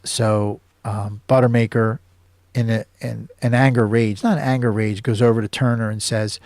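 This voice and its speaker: A man's voice: fairly low pitch, fairly even intonation, normal speed, a little mellow, no echo. A man hosting his own show, casually recapping a film scene by scene with many fillers and restarts. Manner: rambling recap with many fillers and self-corrections. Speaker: host.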